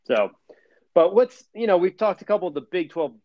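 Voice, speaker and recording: A man's voice: high-pitched, animated, fairly quick, no echo. Joking man on a dull, dry recording. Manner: joking, teasing banter. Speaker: podcast co-host. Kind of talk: casual sports chat.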